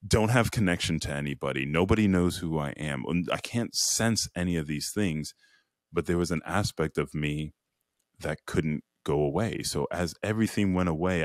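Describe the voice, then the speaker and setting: A man's voice: extremely low pitch, no echo, studio quality. A man from Chicago, a podcast guest, telling a personal story earnestly and reflectively, voicing the inner questions he heard. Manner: earnest, lively retelling with quoted inner voices.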